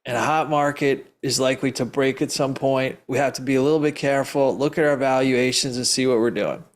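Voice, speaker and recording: A man's voice: medium pitch, fairly even intonation, a little fast. A man who teaches investing, answering audience questions live in an emphatic, rambling storytelling way, often laughing. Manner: rambling, restarts sentences often. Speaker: investing educator.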